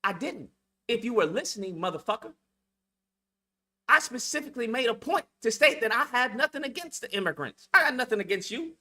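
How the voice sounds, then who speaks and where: A man in full rant mode, swearing freely and jabbing at his critics. His voice is bright and cutting, and his pitch swings widely as he presses each point. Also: sing-song, brisk. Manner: profane, confrontational, heated. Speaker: YouTube commentator. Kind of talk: ranting vlog monologue.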